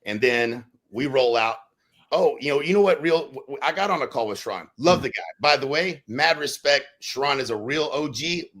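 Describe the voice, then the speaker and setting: A man speaks in a bright, forceful voice. He talks casually and keeps things animated, breaking into loud acted-out quotes as he tells stories on a podcast. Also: mid-range voice, normal speed. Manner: animated, acts out quotes with sudden loud bursts. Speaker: real estate brokerage leader on a podcast.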